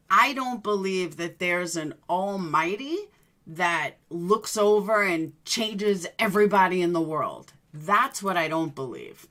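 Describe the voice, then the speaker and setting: A woman's voice: on the low side, bright, forceful tone. A woman hosting a livestream, chatting casually with her viewers and telling rambling personal stories. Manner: rambling storyteller, addresses viewers by name. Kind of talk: casual chat.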